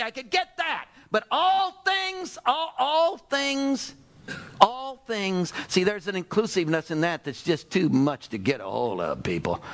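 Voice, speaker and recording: A man preaching a sermon in an animated, exclamatory way, firing off rhetorical questions and sighing "oh, brother" asides. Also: high voice, creaky.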